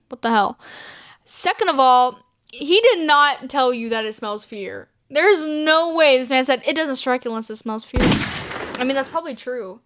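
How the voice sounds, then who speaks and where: A woman's voice: high voice, fairly bright tone, clean tone, dry recording, studio quality. A woman vlogger reading viewer dating stories aloud and reacting, swearing freely and laughing often. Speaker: storytime vlogger.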